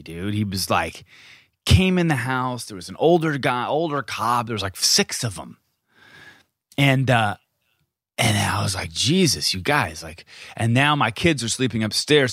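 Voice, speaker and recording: A man co-hosting a podcast from home, telling a story in a lively, casual way, acting out quotes and swearing freely. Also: mid-range voice, dry recording, studio quality. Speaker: podcast co-host. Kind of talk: casual chat.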